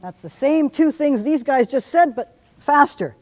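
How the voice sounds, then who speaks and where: A woman teaching a music theory lecture to a class in a lively way, often humming or singing examples. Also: high voice, a little slow, big-room sound. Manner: lively, hums and sings examples. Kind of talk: university lecture.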